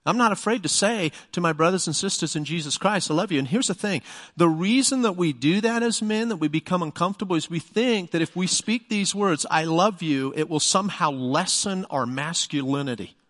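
Middle-aged male pastor, slightly high voice, emphatic conversational sermon, long church-hall reverb. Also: a little fast, a bit bright. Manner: emphatic, conversational preaching with rhetorical questions.

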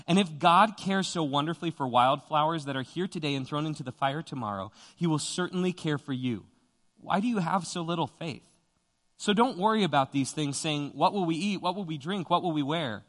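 A young man preaching a sermon in an earnest, conversational way, often repeating himself. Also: on the high side. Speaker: pastor. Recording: long hall reverb.

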